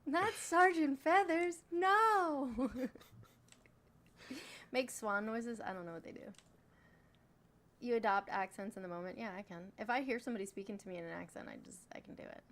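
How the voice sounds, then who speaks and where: A woman's voice: medium pitch, quick pace. A woman moderating a live stream in casual chat, joking, bossy and swearing freely as she urges viewers on.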